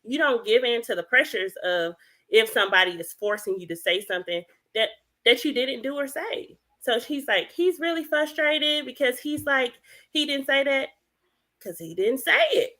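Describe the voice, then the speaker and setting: Woman, podcast guest, animated, acts out dialogue, bright tone. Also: sits high, normal speed. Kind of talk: casual podcast chat.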